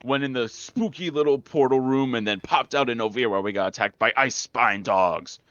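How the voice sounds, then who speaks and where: A man's voice: medium pitch, a bit bright, dry recording, lo-fi sound. A man giving a rambling, joking recap of the last game session and slipping briefly into silly voices. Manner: rambling, joking, quick bits of put-on voices. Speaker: player.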